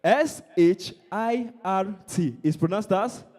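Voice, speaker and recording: A young Nigerian comedian with a Nigerian accent works a live crowd, bantering and poking fun at people. His high voice swoops up and down constantly. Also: lively intonation, slow, a little mellow. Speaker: stand-up comedian.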